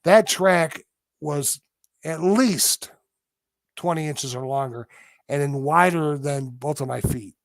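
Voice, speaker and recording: A man's voice: a little high, slow, vocal fry, no room sound, studio quality. A man on a podcast telling a story vividly as a guest, imitating the sounds he describes.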